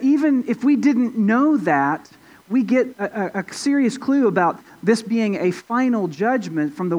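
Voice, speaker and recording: A male pastor preaching an expository sermon in a conversational way, with fillers and restarts, rising for emphasis. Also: low-quality recording. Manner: rises in pitch and volume for emphasis.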